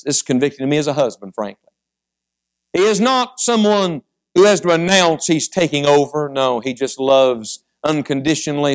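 Male preacher, high voice, middle-aged, fervent sermon delivery with soft storytelling. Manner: swings between quiet storytelling and rising fervent exhortation.

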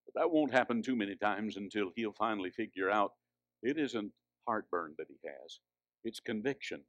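A man preaching a sermon, swinging from hushed, drawn-out lines to loud, high exhortation. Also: expressive, no echo, lo-fi sound.

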